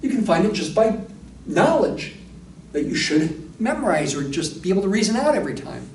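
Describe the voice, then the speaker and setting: A man with a fairly high voice works through equations in a recorded university lecture, thinking aloud as he goes. His voice echoes in the room and sits a little back from the microphone, with a faint hiss of noise behind it. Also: big pitch swings, normal speed, darkish tone, distant mic. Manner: explains step by step, thinking aloud with asides. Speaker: math lecturer.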